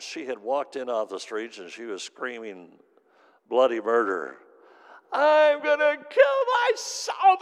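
A middle-aged man preaching a sermon as pastor, telling stories and swinging from hushed to loud. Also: mid-range voice. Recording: long hall reverb.

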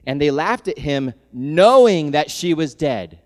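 A man's voice: fairly high pitch, animated, measured pace. Preaching man in a reverberant hall. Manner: swings from soft and tender to loud shouting, laughs often. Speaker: pastor. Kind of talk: sermon.

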